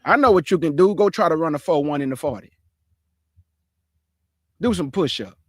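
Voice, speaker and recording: A man hosting a reaction show, scolding and mocking a clip in loud, lively commentary. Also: fairly high pitch, moderate pace, husky, no echo.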